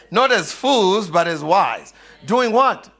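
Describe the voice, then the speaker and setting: A man's voice: high voice, very animated, slow pace, gravelly, pushed and bright. A man preaching a sermon, calling out questions for the congregation to answer and laughing often. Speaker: pastor.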